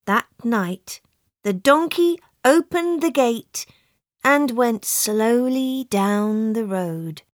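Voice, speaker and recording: A woman reads a simple storybook for learners at an extremely slow, careful pace. Her pitch moves up and down with plenty of expression. The studio recording is dry and close. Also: no echo. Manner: very slow, clear, expressive reading. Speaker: narrator. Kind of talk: scripted storybook narration for language learners.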